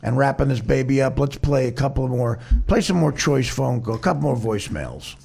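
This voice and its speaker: Male podcast host, mocking, lively, gravelly. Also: mid-range voice. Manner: teasing, quick to mock. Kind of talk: casual comedic chat.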